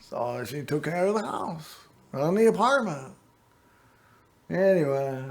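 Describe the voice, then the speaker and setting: A man's voice: sits high, darkish tone. A middle-aged man hosting a local access TV show, telling rambling personal stories to the camera in a folksy, meandering way. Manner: folksy, meandering storytelling with frequent "you know" and "anyway".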